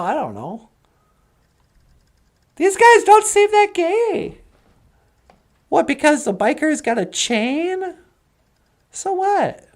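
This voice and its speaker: Woman, high voice, lively swoops, rambling comedic storytelling, cartoon narrator. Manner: chatty and rambling, switching into character voices.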